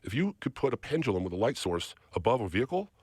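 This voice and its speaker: Husky, animated man telling a story. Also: mid-range voice, fast, dry recording, studio quality. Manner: acts out other people's lines in quotes. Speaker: podcast guest.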